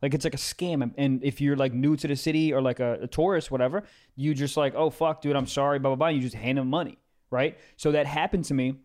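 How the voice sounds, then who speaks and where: A man's voice: medium pitch, steady tone, brisk, darkish tone. A man from Maryland telling a story on a podcast in a rambling, casual way, full of fillers like "like" and "you know.". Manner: rambling, filler-heavy, acts out voices in anecdotes.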